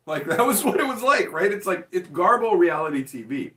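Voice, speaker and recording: A man's voice: fairly high pitch, big pitch swings, fast, few pauses, fairly bright tone. A man hosting a card game channel, chatting casually and rambling with lots of "like", often laughing. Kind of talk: casual chat. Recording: echoey room, mic at a distance.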